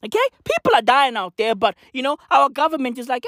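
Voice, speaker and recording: A woman's voice: high voice, very animated, a little fast, a bit bright, dry recording, studio quality. A woman, a podcaster, ranting casually with lots of swearing and slangy repetition. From South Africa.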